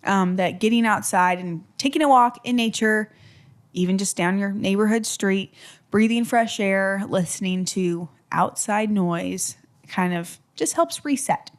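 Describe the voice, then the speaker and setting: A woman in her twenties co-hosting a podcast in casual chat, talkative and quick to laugh, with lots of fillers. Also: medium pitch. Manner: chatty, laughs easily, many fillers. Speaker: podcast co-host.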